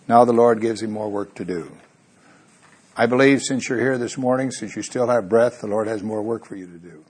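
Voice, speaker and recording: A man's voice: mid-range voice, fairly even intonation, moderate pace, a little mellow, husky. A man preaching a sermon, earnest, bringing the story's voices to life as he goes.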